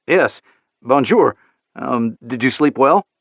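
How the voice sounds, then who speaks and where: A man's voice: medium pitch, animated, slow, creaky, no echo, clean studio sound, heavily acted. A man voicing a bashful man in an audiobook, speaking hesitantly. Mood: sheepish. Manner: hesitant, with fillers. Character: bashful American man, nervous new lover.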